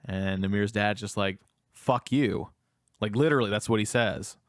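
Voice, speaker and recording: Animated man retelling a film. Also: on the low side, fairly quick, smooth, no room sound, clean studio sound. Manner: animated retelling, acts out lines. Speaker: podcast co-host. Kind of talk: casual film review chat.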